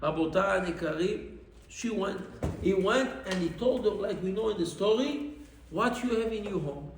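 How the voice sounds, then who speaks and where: Man, rabbi, high voice, echoey room, animated storytelling, non-native English. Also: a little fast, slight background noise. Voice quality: non-native English, mixing in Hebrew terms. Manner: animated, cries out the widow's pleas in a high voice. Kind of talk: Torah class storytelling.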